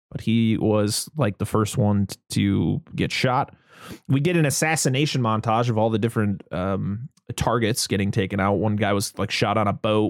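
A man's voice: lowish voice, no echo, studio quality. A man chatting casually as a podcast host, recapping a film, laughing often and acting out the characters' lines. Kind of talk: casual chat.

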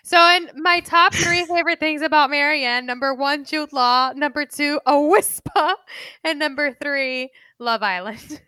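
Young woman, teasing and laughing, bright and sharp, dry mic. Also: high-pitched, measured pace, no room sound. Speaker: podcast co-host. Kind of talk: casual chat.

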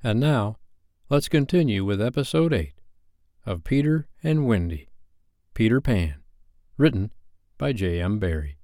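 A man reads a bedtime story in a calm, gentle way. His voice is low and recorded close with no room sound. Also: a little slow, long pauses, no room sound.

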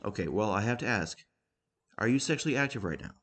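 A man voicing a falsely cheerful male doctor who talks in a bright, sing-song way. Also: lowish voice, animated, fast. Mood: chirpy.

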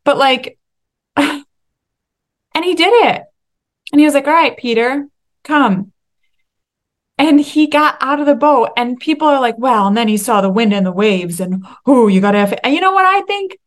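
A young woman hosting a solo faith-based podcast, talking in an excitable, emphatic way and at times laughing or tearing up. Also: high-pitched, moderate pace. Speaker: podcast host.

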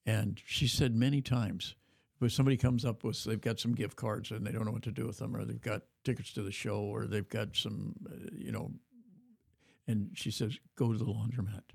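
A man hosting a casual conversation, relaxed and measured with a few fillers. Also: on the low side, vocal fry, slightly rough, no echo. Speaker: host.

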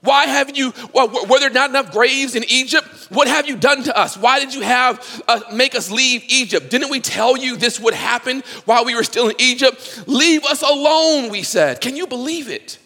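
A man preaching a sermon with passion, swinging from loud cries to hushed pleading. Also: extremely high pitch, normal speed, few pauses, big-room sound. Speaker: pastor.

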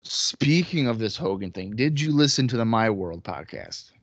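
A man's voice: fairly low pitch, sing-song, normal speed, no echo. A man co-hosting a casual wrestling podcast, talking bluntly with plenty of swearing and teasing. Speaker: podcast co-host. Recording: dull, dry lo-fi recording.

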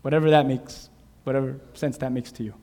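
A man preaching a sermon, animated, acting out shouted voices from Bible stories. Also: medium pitch, fairly quick. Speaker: pastor. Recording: long hall reverb.

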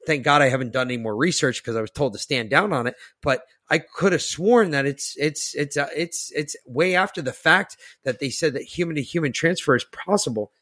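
A man hosting a podcast, reading an article aloud and ranting in a boastful, profane way that swings from muttering to loud outbursts. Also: on the high side, lively intonation, a little fast, few pauses, dry recording, studio quality. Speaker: podcast host.

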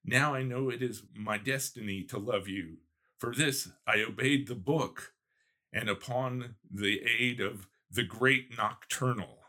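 A man's voice: medium pitch, unhurried, pushed and bright. A man reading aloud the lines of a haunted, lovestruck young man in an eager, heightened voice.

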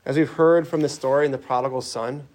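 A man giving an earnest sermon-style talk, leading a group in a guided prayer meditation. He speaks in a plain voice with small restarts and lowers his voice to voice gentle quoted words. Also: steady tone, fast talker. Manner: earnest, softens for quoted lines, some restarts.

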